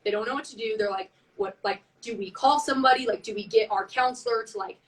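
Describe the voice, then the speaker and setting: A woman tells a story in loose, casual chat, acting out each quote and leaning on "like" constantly. Her voice sits a little high. She sounds a step back from the phone mic. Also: fast, recorded from a distance, poor audio. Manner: animated, heavy use of "like", acts out quotes. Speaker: band member on a live stream.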